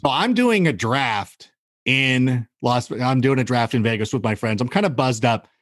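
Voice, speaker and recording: A man telling stories in casual podcast chat, animated and acting out the voices of the people in them. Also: mid-range voice, moderate pace, no room sound, clean studio sound. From California. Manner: animated storyteller, acts out quoted voices. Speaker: guest.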